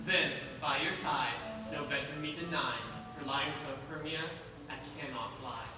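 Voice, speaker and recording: A man's voice: fairly high pitch, fairly even intonation, normal speed, music in the background, lightly acted. A man playing an impulsive young lover, declaiming verse on stage. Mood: tender, coaxing. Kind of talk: stage play performance. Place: school auditorium stage. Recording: echoey hall, distant mic, noisy.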